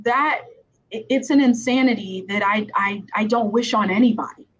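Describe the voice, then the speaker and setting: A woman's voice: medium pitch, moderate pace, husky. A woman attorney hosting a podcast interview, talking in a chatty, conversational way. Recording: slightly dull sound with faint background noise.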